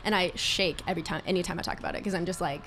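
Young woman guest, slangy, animated storyteller in casual chat. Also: on the low side, racing. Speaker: podcast guest.

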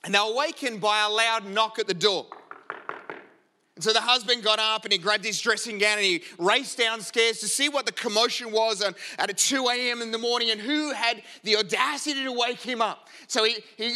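A man's voice: extremely high pitch, bright, forceful tone. A middle-aged man preaching a sermon, praying earnestly and then telling a joke to make his point. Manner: earnest, storytelling, self-deprecating. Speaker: pastor. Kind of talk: sermon with prayer and storytelling.

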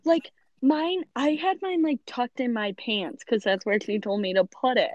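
A woman's voice: fairly high pitch, measured pace, a little mellow, no room sound, highs cut off. Giggly teenage girl rambling. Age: teens. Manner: rambling, many fillers, giggly. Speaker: podcast co-host. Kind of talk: casual chat.

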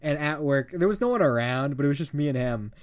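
A man's voice: on the high side, expressive, fast. A man in his twenties co-hosting a podcast, telling rambling stories with frequent laughter and casual swearing. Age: 20s. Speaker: podcast co-host. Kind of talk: casual chat.

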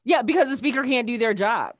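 A woman's voice: fairly high pitch, expressive, fast talker. A woman speaker chatting casually as a guest, telling a story animatedly, acting out the dialogue and laughing often.

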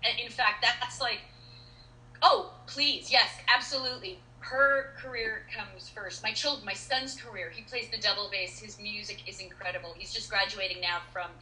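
A middle-aged actress chatting as an interview guest, telling stories in an animated way with many restarts and fillers. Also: female voice, medium pitch, moderate pace, slight background noise. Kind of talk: casual interview chat. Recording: roomy echo.

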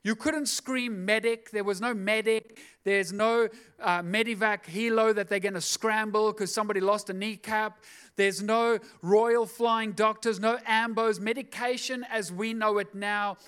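A man's voice: sits high, steady tone, measured pace, a bit bright, smooth. A man preaching a sermon, telling a scripture story with casual, jokey asides. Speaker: pastor.

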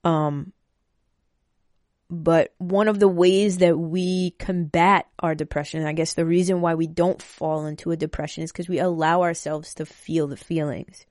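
A woman's voice: deep voice, steady tone, moderate pace, darkish tone, dry recording, studio quality. A woman speaking casually and emotionally, rambling and swearing freely as she talks to her listeners. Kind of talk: casual personal talk.

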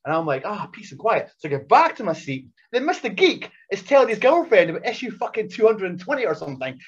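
Animated husky storyteller man. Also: high voice, fast talker. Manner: animated, acts out voices in anecdotes. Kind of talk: casual storytelling chat. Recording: dull lo-fi recording.

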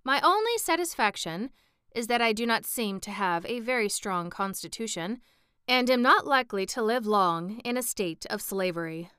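A woman's voice: fairly high pitch, lively intonation, moderate pace, bright, forceful tone, clean tone, no echo, clean studio sound, pitched above the performer's own voice. A woman voicing a gloomy, newly made flying creature in a storybook reading, with a pensive, careless manner. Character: new-made Gump creature, gloomy, solemn, detached. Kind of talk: audiobook reading.

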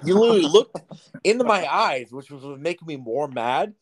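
A young man co-hosting a podcast, telling a story in casual, profane, animated chat. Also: a little high, fairly quick. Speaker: podcast co-host. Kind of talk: casual storytelling over beers.

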